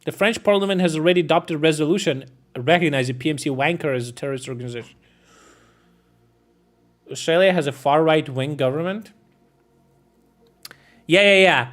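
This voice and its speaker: A man's voice: a little high, fairly quick, long pauses, a bit bright. A man live-streaming, reading out war news headlines and commenting on them in a casual, irreverent way, swearing and laughing as he goes and stumbling over names.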